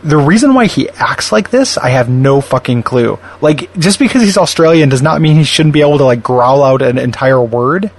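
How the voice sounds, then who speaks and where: A man co-hosting a podcast, chatting casually and wryly about a cartoon, tossing in quick imitations. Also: mid-range voice, expressive. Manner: wry, quick asides with put-on character voices. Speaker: podcast co-host. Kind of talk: casual chat reviewing a cartoon.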